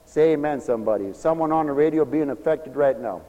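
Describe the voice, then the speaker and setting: A fervent male preacher with a high voice that rings through a large, reverberant hall. He shouts his calls to action, then drops to low, confiding asides. The long echo trails after each burst. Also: brisk. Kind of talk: fiery sermon. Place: church hall, also broadcast on radio.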